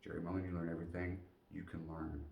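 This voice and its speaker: A man's voice: deep voice, little pitch movement, quick pace, gravelly, darkish tone, a little hiss or hum. A man doing a firm Army sergeant mentor. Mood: earnest advice. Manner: firm, instructive. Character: stern but caring male Army sergeant mentor. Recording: roomy echo, distant mic.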